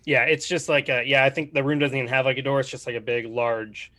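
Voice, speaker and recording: A man's voice: mid-range voice, flat delivery, fast, sharp tone, dry recording. A man narrating as game master in a casual, rambling way.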